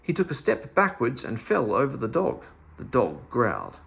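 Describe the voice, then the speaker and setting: A man reading a classic children's story aloud in an animated, expressive way. His voice is gravelly and somewhat husky, with a middle pitch. It rises and falls a lot as he tells the story. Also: normal speed, few pauses. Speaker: storybook reader.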